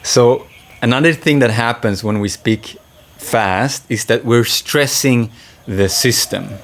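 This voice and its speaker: A man with a mid-range voice leads a slow, unhurried lesson on breath and voice. He speaks gently and stops to let breaths and sighs be heard. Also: mid-range voice. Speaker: voice and breathwork teacher. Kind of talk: calm spoken lesson.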